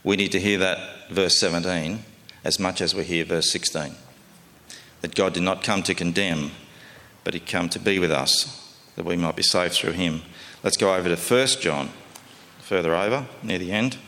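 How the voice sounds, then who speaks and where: A man's voice: low-pitched, moderate pace, bright, forceful tone, in a large hall. A man preaching a sermon in a conversational, folksy way, often asking his listeners questions.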